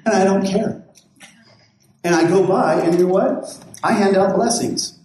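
A man's voice: high-pitched, unhurried, a little mellow, a little hiss or hum. A man who is a pastor, telling stories casually in a rambling, folksy way with many restarts. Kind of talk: casual storytelling. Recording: very echoey room.

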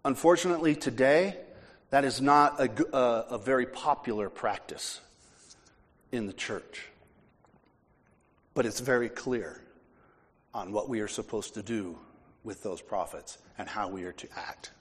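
A man preaching a sermon as pastor, emphatic and forceful, with casual asides. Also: mid-range voice, unhurried, pauses often, husky. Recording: long hall reverb.

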